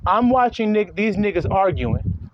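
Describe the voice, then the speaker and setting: A man's voice: sits high, sing-song, a little slow. A man preaching in a heated, profane commentary style. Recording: dull lo-fi recording, faint noise.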